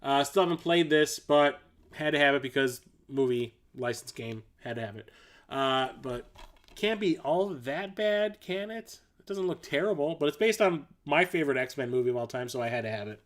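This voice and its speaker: Speaking a little fast in a mid-range, fairly bright voice, a man on a casual livestream goes through his game collection. He's enthusiastic and rambling, with fillers, self-corrections and blunt, mildly profane remarks.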